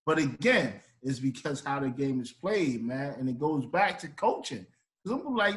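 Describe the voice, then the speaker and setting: A man's voice: medium pitch, sing-song, normal speed. A man, a coach guesting on a sports podcast, explaining his views at length with many restarts. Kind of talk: casual sports debate.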